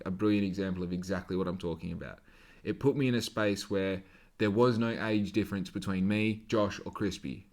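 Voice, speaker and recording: Rambling, swearing man, lowish voice. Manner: casual, rambling, swears a lot. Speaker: podcast host. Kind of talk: solo podcast monologue. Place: alone, talking to a camera.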